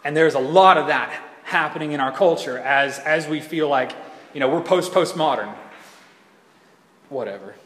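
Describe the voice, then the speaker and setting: A male pastor delivers a sermon in a loose, chatty manner, trailing off and correcting himself as he goes. His voice sits a little high for a man. It rings through a roomy church hall with a long echo. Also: normal speed, fairly bright tone. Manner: conversational, rambling, self-correcting. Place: church sanctuary. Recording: echoey hall reverb.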